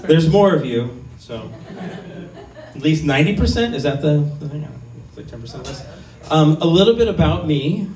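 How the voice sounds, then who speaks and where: A man in his fifties at an open mic, telling crude, self-mocking stories and wandering from one aside to the next. His voice sits somewhat high for a man. It is caught from a distance in a roomy, echoing venue. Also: expressive, normal speed, darkish tone. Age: 50s. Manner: self-deprecating, crude, rambling with many ums. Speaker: stand-up comic. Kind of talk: stand-up set at an open mic. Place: small comedy venue.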